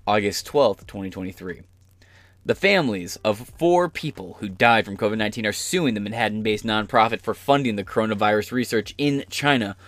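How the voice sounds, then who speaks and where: A man's voice: on the low side, fairly bright tone, no room sound. A man hosting a podcast, delivering heated, sarcastic political commentary full of profanity. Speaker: podcast host.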